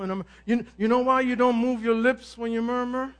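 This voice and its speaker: A male pastor preaching a sermon, swinging from hushed asides to shouted emphasis and acting out other people's complaints. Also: very high voice, fairly even intonation, moderate pace. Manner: acts out complaining voices of others.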